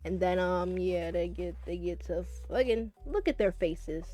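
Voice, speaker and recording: A woman recapping a romance manga on her channel, casual and profane, gushing and swinging between loud and soft. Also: on the low side, fairly even intonation, a little slow, soft background music. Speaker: manga reviewer.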